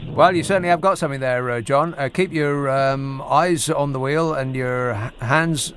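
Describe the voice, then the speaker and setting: A man's voice: medium pitch, normal speed, fairly bright tone, a little hiss or hum. A man hosting a late-night radio phone-in, teasing his callers in a sardonic, casual way. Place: radio studio.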